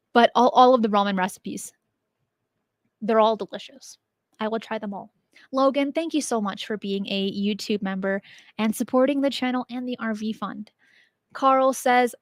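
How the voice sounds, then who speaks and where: Speaking at a moderate pace in a fairly high voice, a young woman answers her viewers' questions on her channel, animated, talkative and quick to laugh. The recording is dry and clean, studio-grade.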